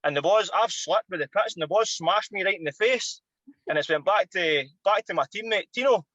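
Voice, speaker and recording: A Scottish man in his thirties, a former footballer and podcast guest, telling an animated, sweary anecdote. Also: high voice, fairly quick, no room sound, highs cut off. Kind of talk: casual storytelling.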